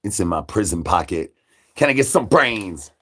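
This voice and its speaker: A man's voice: fairly low pitch, sing-song, normal speed, fairly bright tone. A man hosting a livestream, rambling in a hungry zombie persona with repetitive sing-song catchphrases and crude jokes. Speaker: livestream host.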